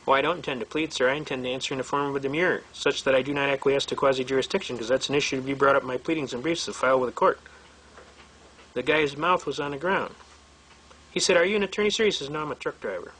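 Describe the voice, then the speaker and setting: A man's voice: medium pitch, fast, sharp tone. A man teaching a seminar, telling courtroom stories in a folksy, blunt way and acting out the people he quotes. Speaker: seminar instructor. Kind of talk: lecture told through courtroom anecdotes.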